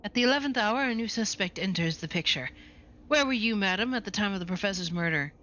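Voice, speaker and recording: A fussy male detective, officious and clipped, firing off his questions quickly, as a woman puts him on. The tone stays bright. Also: medium pitch, expressive, dull audio.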